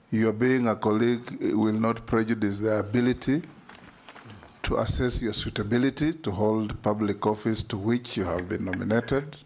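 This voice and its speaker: A man chairing a formal parliamentary hearing, speaking in a measured, deliberate and officious way into a desk microphone in a committee room. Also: fairly low pitch.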